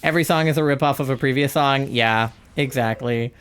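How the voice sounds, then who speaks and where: A young-adult live streamer chats loosely while streaming a game, rambling from one thought to the next in a relaxed way and laughing often. The voice is medium-pitched, smooth, and brisk.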